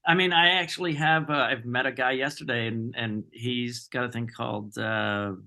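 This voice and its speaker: A man being interviewed as an actor guest, an animated storyteller who acts out what others said. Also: mid-range voice, moderate pace, vocal fry. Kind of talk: casual podcast interview.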